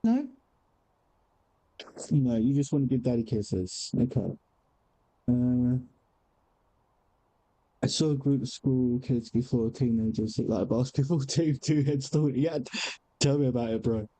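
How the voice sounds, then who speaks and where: Dark-voiced man streaming and cooing at his cat. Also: unhurried, long pauses, slightly rough, no echo, low-quality recording. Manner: baby-talks to his cat in a high sing-song voice; relaxed, mutters to himself while gaming. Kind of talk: casual livestream chat.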